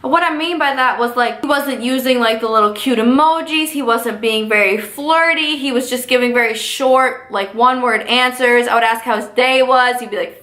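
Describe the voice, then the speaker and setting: A young woman telling a story in a casual vlog, sassy and animated, full of slang. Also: fairly high pitch, a little slow, echoey room. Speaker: vlogger.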